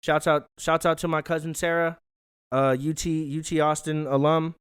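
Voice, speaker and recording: A man's voice: fairly high pitch, little pitch movement, moderate pace, clear, resonant tone. A young man hosting his own show from his living room, chatting loosely with lots of swearing and self-mocking asides. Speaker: podcast host. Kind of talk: casual solo vlog chat. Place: hot living room at home.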